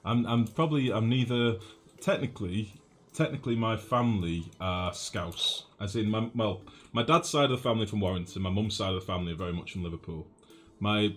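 A man's voice: fairly low pitch, fairly quick, fairly bright tone. A man from northwest England with a generic northern English accent, chatting casually and rambling as he streams a game and answers chat, swearing now and then. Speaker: gaming streamer. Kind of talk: casual gameplay commentary, reading chat.

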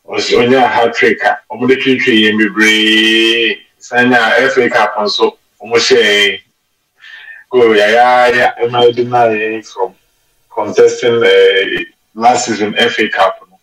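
Ghanaian guy breaking down a football match, bright forceful voice, kinda far from the mic in an echoey room. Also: on the low side, takes it slowly. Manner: animated, mixes Twi and English mid-sentence. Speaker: football pundit. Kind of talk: studio sports discussion. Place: radio studio. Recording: roomy and off-mic radio studio sound.

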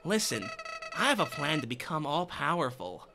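Give me a man doing a menacing game flower, low and quiet, sinister and sly. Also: big pitch swings, normal speed, over music. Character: menacing talking flower, male, sly and cold.

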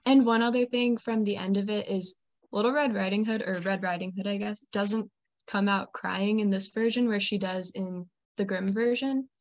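A young woman student lays out her reading thoughtfully and analytically. Her voice sits at a middle pitch. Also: steady tone, moderate pace. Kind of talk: class discussion.

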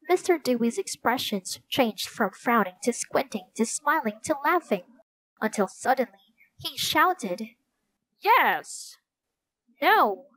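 Woman reading a children's storybook aloud. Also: on the high side. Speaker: audiobook narrator. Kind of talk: scripted storybook narration.

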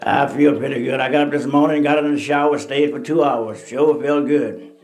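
A man's voice: mid-range voice, steady tone, normal speed. A man telling laid-back, drawling stand-up stories and dry one-liners. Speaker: stand-up comedian. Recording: old noisy live album recording.

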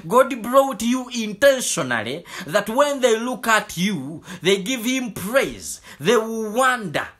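A man delivers a fervent sermon in a high, bright voice. He preaches at an unhurried pace, circling back to the same phrases again and again. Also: sing-song. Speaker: pastor.

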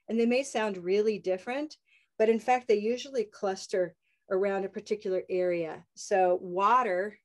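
A woman with a North American accent teaching English pronunciation in a live online lesson, upbeat and stretching out example words slowly. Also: medium pitch, a little mellow. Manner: upbeat, drawn-out modeling of sounds.

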